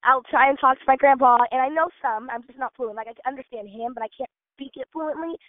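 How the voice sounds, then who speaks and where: This young woman's voice sits high and she speaks fast, bubbly and chatty with plenty of fillers. In her twenties, she's a gymnast and dancer appearing as a casual interview guest. Sound comes through a dry, tinny phone-like line with no echo.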